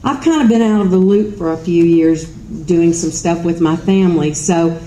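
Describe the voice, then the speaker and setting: A middle-aged woman with a Kentucky Southern accent tells stories at an event in a chatty, self-mocking way. Her voice is low and mellow. The sound carries the roominess of a hall, with a faint hum of ambience underneath. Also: moderate pace. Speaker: speaker at an event. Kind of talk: storytelling speech.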